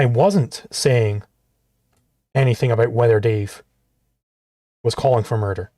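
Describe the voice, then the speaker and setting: A man's voice: mid-range voice, a little mellow, no room sound, studio quality. A man hosting a livestream, reacting to clips in exasperated, profane commentary. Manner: exasperated, swears often.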